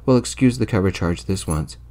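A man doing a formal placating restaurant manager, low voice, soft-spoken ASMR story. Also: animated, fairly quick. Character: formal restaurant manager, smoothing things over.

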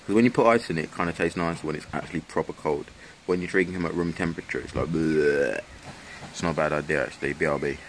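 Laid-back young man, very deep voice. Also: rapid-fire, a little hiss or hum. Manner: laid-back, slangy, swears a lot. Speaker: vlogger. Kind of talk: casual chat to camera. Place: at home and outdoors.

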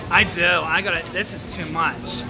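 A performer voicing a short-tempered, foul-mouthed elderly grandmother who gripes gruffly and curses through a comedy sketch. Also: mid-range voice. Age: older. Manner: gruff, cursing, complaining. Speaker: comedy character host.

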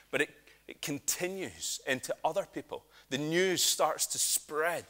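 A man's voice: on the high side, a little slow. A man with a Scottish accent preaching a sermon, telling stories with humour and asides. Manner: lively storytelling with humour and asides.

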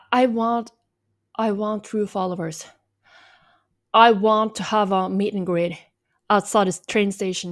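Slow-talking tired woman in a joking vlog. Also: fairly low pitch. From Norway. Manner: joking, self-mocking, mock valley-girl drawl. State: a little tired. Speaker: vlogger. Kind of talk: rambling ironic vlog chat.

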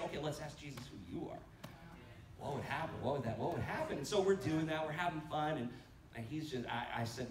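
Male pastor, conference sermon, storyteller who acts out dialogue; distant mic, echoey sanctuary. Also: on the high side. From United States. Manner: storytelling, animated quotes, laughing asides. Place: church sanctuary. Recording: echoey church hall from far off, faint noise.

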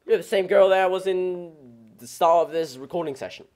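A man's voice: sits high, normal speed, darkish tone. A man giving casual, joking commentary while playing a video game, laughing often and mumbling when he thinks aloud. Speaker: gameplay commentator. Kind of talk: casual let's play commentary.

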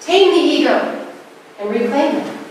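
Animated woman lecturing in an echoey hall. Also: unhurried, far from the mic, slight background noise. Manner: animated, swooping up high on key words. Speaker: conference speaker. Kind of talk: spiritual lecture.

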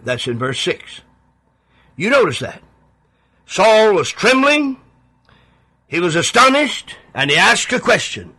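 Emphatic husky radio preacher man. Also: big pitch swings, pushed and bright. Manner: emphatic, pleading, with dramatic pauses and swings in pitch. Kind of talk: sermon.

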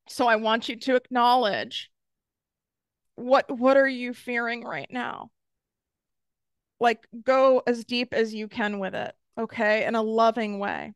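A woman's voice: mid-range voice, measured pace, long pauses, a bit bright, clean tone, no room sound, clean studio sound. A middle-aged woman coaching her audience in a blunt, direct motivational talk, swearing freely as she goes. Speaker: business and manifestation coach.

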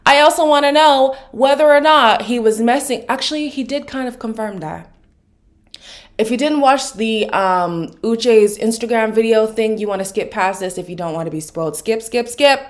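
A woman with a deep morning voice giving casual, opinionated commentary on a reality show to her channel's viewers. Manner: opinionated, sassy, emphatic. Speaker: recap vlogger.

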